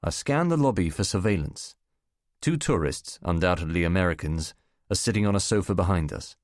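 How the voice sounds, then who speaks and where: A man with a low, deep voice narrates a first-person spy novel in a measured, wry way. The recording is dry and close, with no room sound. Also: expressive, no room sound. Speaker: audiobook narrator.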